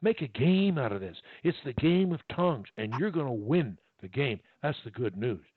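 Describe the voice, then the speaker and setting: A man's voice: medium pitch, big pitch swings, normal speed, husky, dry recording. A man coaching one-on-one over a video call, encouraging and repeating his key points. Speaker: speech coach. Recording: tinny, dry phone-like line.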